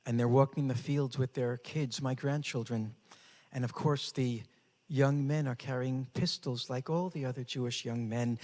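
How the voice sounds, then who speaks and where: A man's voice: medium pitch, steady tone, moderate pace, a little mellow. An older man giving a talk, telling a personal story with dramatic, rising intensity. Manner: dramatic, builds to raised intensity. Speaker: speaker. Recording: hall with long reverb.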